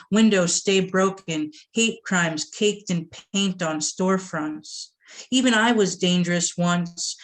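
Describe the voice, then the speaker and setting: A woman from the Boston area reading her poems aloud at a poetry event, with a measured delivery and short asides to the audience. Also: fairly low pitch. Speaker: poet reading her work.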